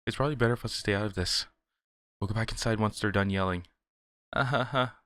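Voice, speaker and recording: A man reading as a gentle schoolgirl club president. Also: on the low side, fast talker, no room sound, natural voice. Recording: game music behind.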